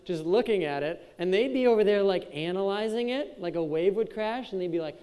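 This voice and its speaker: High-voiced young man speaking in an echoey hall. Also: expressive, fairly quick, warm tone. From Wisconsin. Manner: casual and joking, chats with the crowd. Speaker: keynote speaker. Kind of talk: motivational speech to a youth audience. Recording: echoey hall with long reverb.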